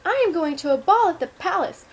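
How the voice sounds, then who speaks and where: A woman voicing a sweet young fairy-tale heroine in a playful storybook reading at home, high and eager. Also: expressive, fairly quick.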